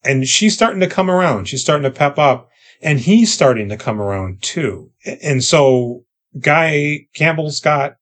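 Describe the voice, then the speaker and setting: A man's voice: fairly high pitch, lively intonation, unhurried, fairly bright tone. A man co-hosting a podcast, recapping a movie in casual profane chat and acting out the characters' lines. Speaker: podcast co-host.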